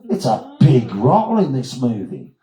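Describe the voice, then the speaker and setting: A man's voice: mid-range voice, wildly swooping pitch, a little slow, warm tone, faint music behind, pitched above the performer's own voice. A man voicing a wealthy older Australian farmer who speaks bluntly and with emphasis, in an echoey room. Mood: insistent.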